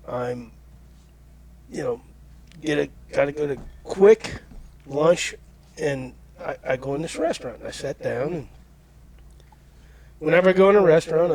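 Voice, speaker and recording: A man's voice: fairly high pitch, darkish tone. A man hosting a podcast, telling a long story in a rambling, folksy way. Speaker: podcast host. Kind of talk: casual chat, anecdote telling.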